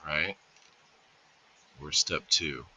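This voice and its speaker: A man's voice: extremely low pitch, extremely slow, pushed and bright, husky. A man hosting a casual livestream, rambling in an easygoing way and greeting viewers by name. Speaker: livestream host.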